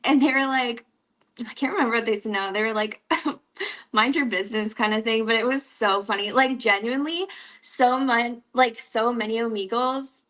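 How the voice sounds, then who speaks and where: A woman's voice: on the high side, moderate pace, fairly bright tone. A young woman from Canada with an East Coast accent, chatting casually as an interview guest, giggling often and using many "like" fillers.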